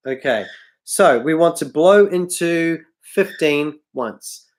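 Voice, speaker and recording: A man with a slightly high, expressive voice speaks slowly while teaching harmonica on a livestream. He's tired, his voice is going, and he rambles with frequent apologetic self-corrections as harmonica plays behind him.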